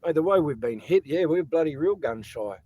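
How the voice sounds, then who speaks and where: A man's voice: fairly high pitch, lively intonation, brisk, mellow, slightly rough, low-quality recording. An Australian man live-streaming outdoors on his phone, rambling in casual chat, repeating words and greeting viewers by name. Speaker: live streamer and protest organiser. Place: outdoors on a sunny day.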